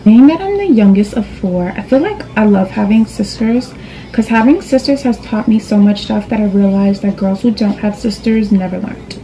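Young woman doing a makeup tutorial at her vanity, sassy, calls you girl, soft mellow voice. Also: mid-range voice, lively intonation, normal speed, slight background noise, rough recording. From New York. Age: young adult. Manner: sassy, direct, calls viewers girl and boo. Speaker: beauty vlogger. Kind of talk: casual makeup tutorial chat. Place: indoors at a vanity.

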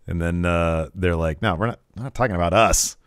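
Low-voiced laughing man in casual chat. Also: fairly quick, clear, resonant tone, no echo, clean studio sound. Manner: laughs often, animated and joking. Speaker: podcast co-host. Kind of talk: casual wrestling recap chat.

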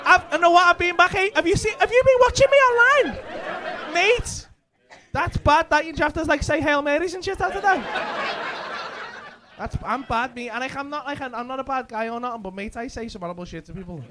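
A man's voice: extremely high pitch, lively intonation, normal speed. A man doing brash, sweary crowd work as a stand-up comedian on a club stage. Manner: brash, sweary, teasing banter. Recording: live club audio with crowd laughter and noise.

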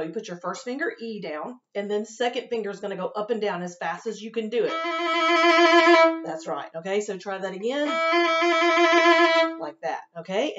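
A woman teaching violin to her students, talking them through tricky passages in a patient, encouraging way and often checking in with "okay?". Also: medium pitch. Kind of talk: instrument lesson, talking students through a piece. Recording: dull home recording with violin playing.

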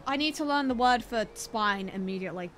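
A woman with a fairly high voice chats her way through a game stream, playful and jokey, laughing often at her own remarks. Soft game music sits faintly behind her. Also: lively intonation, fairly quick. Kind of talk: casual game-stream commentary.

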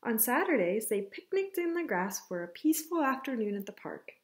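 A woman teacher reading a picture book aloud to children, telling it in an expressive, unhurried way. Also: on the high side. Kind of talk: storybook read-aloud. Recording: echoey room.

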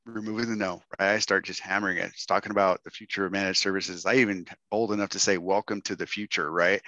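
A man's voice: deep voice, pushed and bright, no echo, highs cut off. A man telling a casual, joking story to an online workshop audience. He often tags lines with "right?" and "dude" and acts out other people's words. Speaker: guest speaker at an online workshop.

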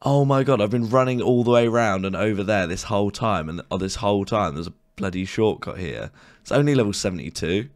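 A young man with a hoarse, worn voice, commenting excitedly on his own gameplay and cursing at his bad luck. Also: lowish voice, moderate pace. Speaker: gaming video creator.

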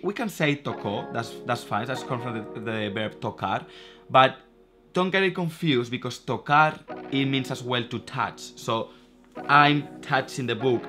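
A native Spanish-speaking man with a Spanish accent, teaching vocabulary through a children's story, patient and often laughing. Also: medium pitch. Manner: patient, repeats phrases slowly, laughs often. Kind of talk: reading a story aloud and explaining vocabulary.

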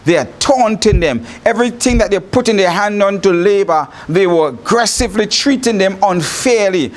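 A male bishop and preacher with a Trinidad and Tobago English accent delivers a sermon broadcast in a high, lively voice. He tells stories animatedly at a moderate pace and laughs often.

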